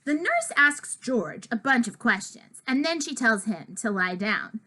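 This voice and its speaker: Animated woman reading a storybook aloud. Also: a little high, unhurried. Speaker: storyteller reading a children's book. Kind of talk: storybook read-aloud, first-person child narrator.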